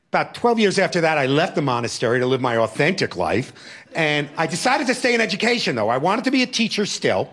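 A man, a teacher and former religious brother, telling a personal story with animated, expressive delivery that swings from loud to hushed. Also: on the high side.

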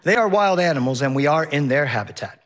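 A woman's voice: deep voice, animated, fast. A man voicing a chatty woman boat captain who makes easygoing announcements to her passengers. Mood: announcing. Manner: easygoing announcer patter over a loudspeaker.

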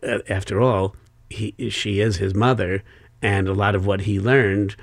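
Older guy w a gravelly edge, author in an interview, wry n chatty, dry sound. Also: lowish voice, fairly even intonation, a little slow, dry recording. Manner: thoughtful, wry, expansive storytelling. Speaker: author guest. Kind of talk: conversational interview.

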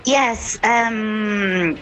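A woman journalist from Venezuela, answering interview questions in a measured, composed way with occasional fillers. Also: mid-range voice, fairly bright tone, low-quality recording.

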